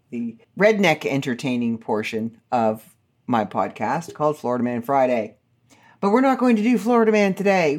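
A woman hosting her podcast, telling stories in an animated, sarcastic, ranting way. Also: low-pitched. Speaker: podcast host. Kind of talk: casual chat.

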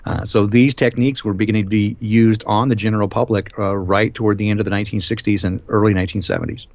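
A man hosting a live stream discussion, talking in a rambling, emphatic way with many filler pauses. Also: on the low side, level tone, a little mellow, dry recording. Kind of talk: casual discussion. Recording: dull lo-fi stream audio.

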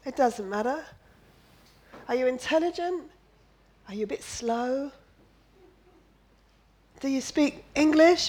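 A woman's voice: high voice, expressive, unhurried, a little mellow, poor audio. A woman preaching a sermon, emphatic and repetitive, firing off rhetorical questions and slipping in playful jokes. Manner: drops in playful asides and jokes.

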